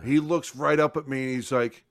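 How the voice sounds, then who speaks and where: Speaking at a moderate pace in a medium-pitched voice, a podcast co-host tells a long, casual story, cursing freely and performing people's quotes with animation. The recording is dry and of studio quality.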